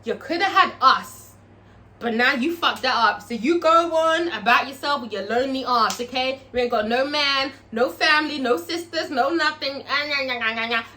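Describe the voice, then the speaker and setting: Brief: a woman playing a scornful, foul-mouthed club owner, high bright voice. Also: normal speed, slight background noise. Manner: cursing, cutting put-downs. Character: sassy, scornful club owner telling off a rival.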